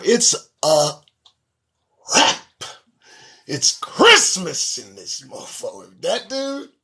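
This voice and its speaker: A man with a high, pushed, bright voice hosts his own show. Working solo, he reads news headlines aloud and rants about them with profanity and sarcasm.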